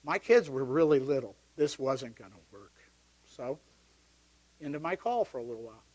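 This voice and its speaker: A middle-aged man, a deacon, telling his personal story to a parish gathering, lively when he recounts the yelling. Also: mid-range voice, moderate pace. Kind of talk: personal testimony talk. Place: parish hall.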